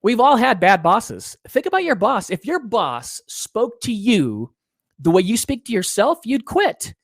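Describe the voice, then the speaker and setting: A middle-aged man giving an interview, telling stories in an earnest, animated way and dropping low to make a point. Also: a little slow, gravelly, no room sound, studio quality. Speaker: interview guest, parenting author.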